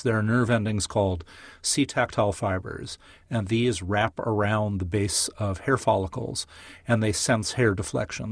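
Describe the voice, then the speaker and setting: Measured man explaining science. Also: lowish voice, creaky, no echo. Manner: measured, lecture-like explaining with vivid examples. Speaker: neuroscientist guest. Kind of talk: explanatory interview answers.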